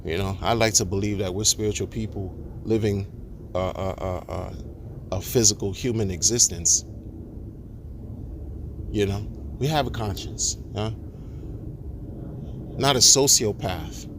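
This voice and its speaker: A man's voice: on the low side, a little slow, pauses often, noisy background. A man ranting indignantly to camera, repeating himself and restarting words as he builds his case. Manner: indignant, repetitive, stammering restarts. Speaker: crypto commentator. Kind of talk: ranting monologue.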